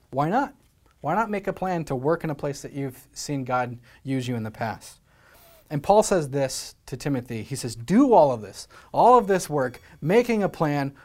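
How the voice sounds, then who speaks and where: A man from Scotland preaching a sermon as pastor, earnest and exhorting, with many rhetorical questions. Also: fairly high pitch.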